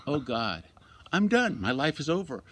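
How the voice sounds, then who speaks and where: An older man, a retired fire captain, telling lively anecdotes in an interview and then speaking quietly and reflectively. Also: on the high side, moderate pace, a little hiss or hum. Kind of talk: interview storytelling.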